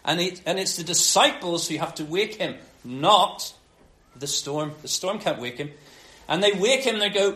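A man preaching a sermon, telling the story with animated acted-out quotes. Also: sits high, moderate pace. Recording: roomy echo.

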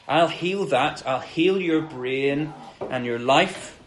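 A man delivers a sermon in a conversational, earnest manner. His voice sits a little high for a man, and he brings quoted passages to life with animated shifts. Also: takes it slowly, background noise. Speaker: preacher.

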